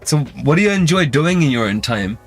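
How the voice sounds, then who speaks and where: London man, casual talk host, meandering anecdotes, soft music underneath. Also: fairly high pitch, very animated, a little fast. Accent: London English. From England. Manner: rambling, filler-heavy storytelling. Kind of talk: casual chat with live viewers.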